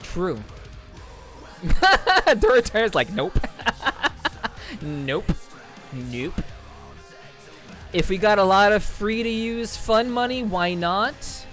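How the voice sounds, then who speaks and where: This livestreamer's voice sits high with a fairly bright tone, sing-song delivery, drawn-out words and long pauses. Reading chat casually, he rambles profanely, repeats himself and laughs, while faint music plays underneath.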